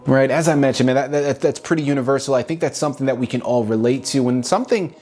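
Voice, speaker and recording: An energetic male host who leads an interview with a medium-pitched voice and keeps saying "man". Faint music plays behind him. He sounds upbeat and casual. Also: quick pace, hardly any pauses. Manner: enthusiastic, repeats "man". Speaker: podcast host. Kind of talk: interview hosting.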